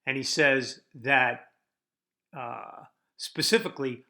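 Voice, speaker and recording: An older man hosts his own podcast and delivers a combative monologue that keeps firing rhetorical questions at the listener. His voice sits a little high for a man and has a bright, forceful edge. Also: a little slow, long pauses. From United States. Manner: combative, rhetorical, lively ups and downs. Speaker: podcast host.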